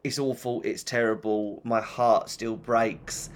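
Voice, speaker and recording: A man co-hosts a podcast with a dry, easygoing, joking manner. His voice sits at an ordinary pitch for a man. He keeps the talk loose and casual. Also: level tone, takes it slowly, a little hiss or hum. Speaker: podcast co-host. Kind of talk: casual chat.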